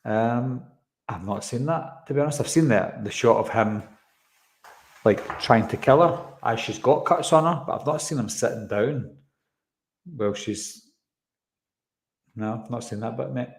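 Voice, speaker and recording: A man's voice: medium pitch, measured pace, vocal fry, pauses often. A man hosting a live stream, casually reading out and answering viewer comments with a rambling, chatty manner. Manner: chatty, rambling, frequent fillers. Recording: roomy echo.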